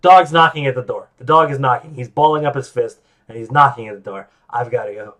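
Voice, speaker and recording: A man's voice: mid-range voice, a little fast. Rambling, self-deprecating male podcast host. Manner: animated, acts out quoted voices. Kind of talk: casual solo monologue.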